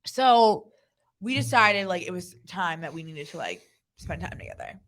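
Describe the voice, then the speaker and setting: A woman's voice: lowish voice, lively intonation, normal speed, a bit bright. A young adult woman co-hosting a podcast, telling a story in a casual, blunt way and swearing freely. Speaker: podcast co-host.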